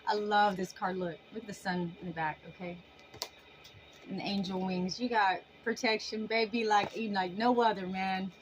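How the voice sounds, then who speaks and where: A woman's voice: medium pitch, fairly even intonation, moderate pace, dull audio, slight background noise. A woman giving a casual tarot reading to camera, emphatic and folksy, full of sassy endearments. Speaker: tarot reader.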